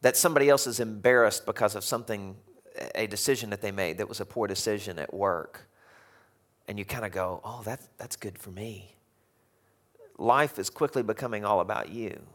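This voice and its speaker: Pastor guy preaching to his church, lowish voice, chatty and lively, laughs a lot. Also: a little fast. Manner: conversational, animated, chuckles often. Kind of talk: sermon. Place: church sanctuary.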